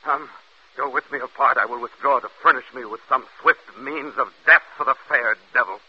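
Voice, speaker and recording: An actor playing a jealous, tormented general in a 1950s radio drama, bursting into furious, anguished outbursts on an old radio broadcast. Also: male voice, medium pitch, moderate pace, husky, muffled recording, close to an everyday voice. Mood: vengeful.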